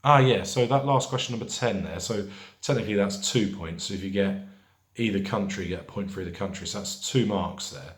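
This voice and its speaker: A man hosting a pub quiz in a lowish voice, reading each question slowly and then repeating it. He drifts into chatty asides between questions. The room around him is echoey. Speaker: quiz host.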